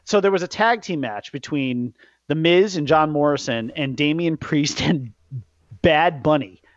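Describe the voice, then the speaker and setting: A man hosting a podcast, ranting in a casual, profane way about a wrestling event, jumping between loud outbursts and low muttering. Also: a little slow, no room sound. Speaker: podcast host. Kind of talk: casual wrestling recap rant. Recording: dull lo-fi podcast mic.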